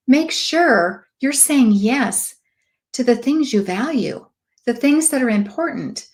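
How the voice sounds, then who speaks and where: Lively woman telling stories. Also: a little high, takes it slowly. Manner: lively, acts out quoted voices; emphatic, preachy asides. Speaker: cosmetics sales director. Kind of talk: motivational storytelling talk.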